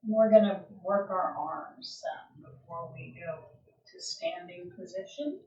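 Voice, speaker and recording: A woman teaching a yoga class, giving slow, calm, gentle cues with long pauses between them. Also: medium pitch, slight background noise. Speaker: yoga instructor. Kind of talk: guided yoga class instruction. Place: home or studio room, livestream. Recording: roomy, distant, dull livestream audio.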